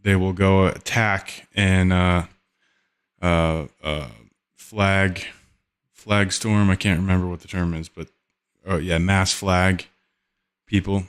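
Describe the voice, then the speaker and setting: A man hosting a podcast, talking casually and haltingly, often searching for words. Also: low voice, fairly even intonation, fairly bright tone, clear, resonant tone. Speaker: podcast host. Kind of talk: casual solo commentary.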